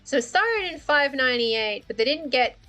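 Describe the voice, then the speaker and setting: Woman, rather high voice, bright and sharp tone, slow rambling chat, laughs often, faint music behind. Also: lively intonation. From Australia. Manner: rambling, chatty, laughs often, thinks aloud. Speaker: livestreamer. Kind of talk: casual livestream chat about worldbuilding.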